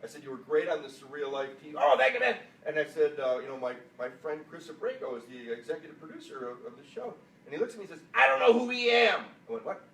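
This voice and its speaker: A man's voice: medium pitch, animated. A man from Chicago hosting a casual chat, joking and telling anecdotes. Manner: joking, quick asides. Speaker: host. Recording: roomy, distant mic, faint noise.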